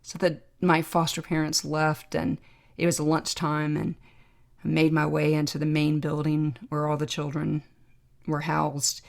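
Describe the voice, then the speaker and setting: Low gravelly woman telling her story. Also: completely flat delivery. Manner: reflective, emotional, pausing to remember. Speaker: podcast host, trauma doctor. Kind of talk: personal storytelling monologue.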